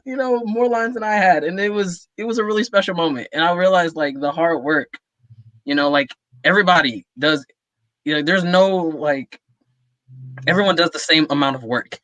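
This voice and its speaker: A person, a cast member, fondly and emotionally recalling a performance. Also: female voice, lowish voice, normal speed, no room sound. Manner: animated, laughing, emotional. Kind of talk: casual group reminiscing.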